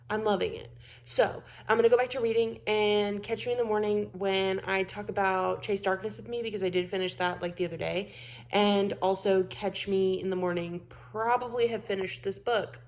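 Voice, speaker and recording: A young woman gushes about her books in a casual home vlog. She talks in loose bursts, swears freely and trips over her own sentences. Her voice sits at a middling pitch for a woman. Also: normal speed. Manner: gushing, profane, rambling with restarts. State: feeling unwell. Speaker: book vlogger. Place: bedroom at home.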